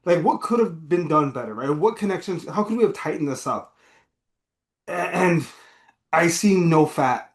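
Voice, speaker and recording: Male podcast co-host, slightly high voice, excitable and rambling, echoey room. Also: moderate pace. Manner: animated, profane, rambling. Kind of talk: casual movie review chat.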